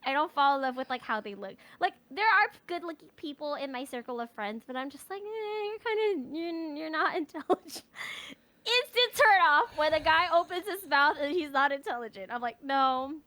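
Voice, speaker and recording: Young female co-host, bright tense tone, bubbly and giggly, casual banter. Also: high-pitched, very animated, fairly quick, hardly any pauses. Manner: giggly, bubbly, laughs often between words. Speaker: VTuber co-host. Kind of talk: casual chat.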